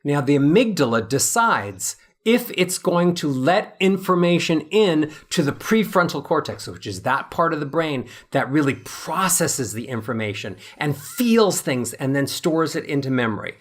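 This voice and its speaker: A man's voice: a little high, expressive, moderate pace, few pauses. A man in his fifties, a voice coach, explaining with animation and acting out examples as an interview guest.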